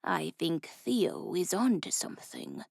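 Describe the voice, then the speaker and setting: A woman voicing a sly man with a raspy, whispery voice in an audiobook, speaking slowly and quietly. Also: lowish voice, wildly swooping pitch, no echo, studio quality, full character voice. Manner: slow, sly.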